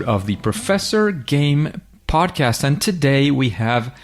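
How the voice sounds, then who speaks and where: A man's voice: mid-range voice, big pitch swings, takes it slowly, faint music behind. A man hosting an interview podcast, chatty and self-deprecating, stumbling through names with good humor. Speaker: podcast host.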